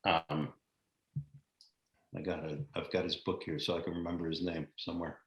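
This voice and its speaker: An older American man, a guest actor telling lively, blunt, profane stories from his career in a casual interview. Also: low-pitched, moderate pace. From United States. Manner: animated anecdotal storyteller, blunt and profane. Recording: echoey room sound.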